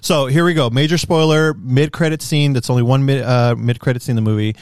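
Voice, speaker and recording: A young man in casual chat, excitedly retelling a movie scene with lots of fillers and restarts. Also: mid-range voice, brisk, clean tone, dry recording. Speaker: podcast co-host.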